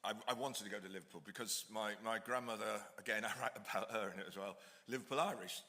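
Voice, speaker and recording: A middle-aged man with a bright, forward voice tells meandering stories in a chatty, self-mocking way, then reads aloud from his book. The sound rings with the long reverb of a hall, as at a public talk. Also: on the low side, fast. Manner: digressive, chatty, self-deprecating. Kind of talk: casual anecdote, then reading aloud. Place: lecture hall at an ideas festival.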